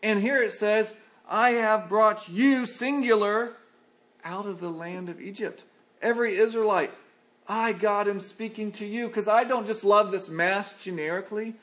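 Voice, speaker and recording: A man preaching a sermon, earnest and lively, slipping into quoted voices to make his points. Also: high-pitched, a little slow. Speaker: pastor.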